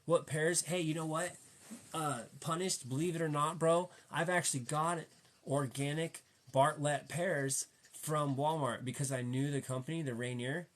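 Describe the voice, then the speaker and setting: A man's voice: fairly high pitch, fairly even intonation, moderate pace. A man in a casual, rambling chat, slangy and cussing, fired up and preachy as he talks to a viewer.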